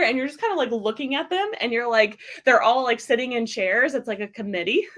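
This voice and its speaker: A woman's voice: a little high, lively intonation, fairly quick, fairly bright tone. A woman hosting her own motivational podcast, talking casually and upbeat, with many fillers. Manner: chatty, upbeat, says "like" often. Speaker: podcast host and business coach.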